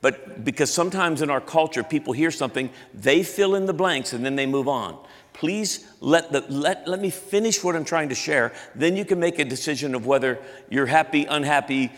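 A man's voice: mid-range voice, a bit bright, in a large hall. A man in his fifties preaching a sermon as pastor, in a loose, chatty way, often restarting his sentences. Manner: conversational, self-interrupting, frequent restarts.

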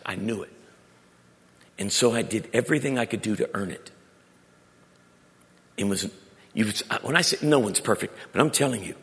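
A middle-aged man, preaching a sermon and telling stories, with loud emphatic moments and quiet, intimate ones. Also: lowish voice, gravelly. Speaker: pastor. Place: church sanctuary. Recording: long reverb of a large hall.

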